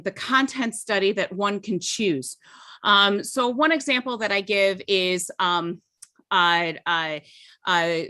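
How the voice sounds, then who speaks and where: Woman educator, bright clear voice, chatty explaining over a video call, checks in with "okay?". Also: mid-range voice. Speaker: webinar co-host, literacy educator.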